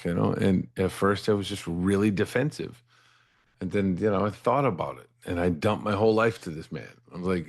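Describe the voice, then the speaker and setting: A man's voice: sits low, normal speed. A middle-aged man telling his life story earnestly as an interview guest, often restarting words and asking "right?" after his points. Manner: earnest, repeats words when starting a thought, asks "right?" after points. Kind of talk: candid personal storytelling.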